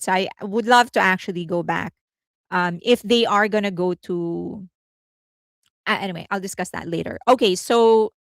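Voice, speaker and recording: A woman hosts a casual entertainment news livestream, chatting and rambling, laughing often and thinking aloud. Her mid-range voice has vocal fry, and there's no echo.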